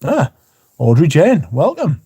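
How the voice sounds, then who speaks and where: Mellow-voiced man chatting casually. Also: a little high, wildly swooping pitch, slow pace, husky. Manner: rambling, repeats words, plain-spoken. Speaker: livestream host. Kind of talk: casual chat, reading out viewer comments.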